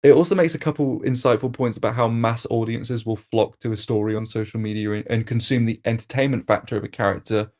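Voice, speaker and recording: A man hosting a film review podcast, reading an analytical critique in a measured way with occasional restarts. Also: on the low side, a little mellow.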